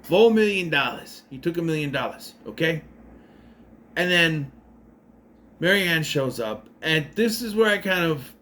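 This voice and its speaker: A man's voice: on the high side, lively intonation, measured pace, long pauses, pushed and bright, a little hiss or hum. A man giving a casual spoken movie recap, rambling and correcting himself, with sarcastic asides. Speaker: movie reviewer.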